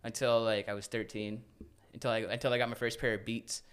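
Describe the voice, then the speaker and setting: A man's voice: medium pitch, brisk, clear, resonant tone. A man from Newfoundland, a podcast guest, telling casual stories with lots of swearing and repeated words. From Newfoundland, Canada. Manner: animated storyteller with frequent repeats and swearing. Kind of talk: casual chat.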